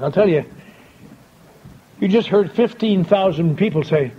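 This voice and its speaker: A man's voice: a little high, normal speed, pauses often. An older man telling a wry, folksy story to a convention audience, acting out the dialogue he quotes. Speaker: speaker at a recovery convention. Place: large convention hall. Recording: dull lo-fi tape with faint hiss.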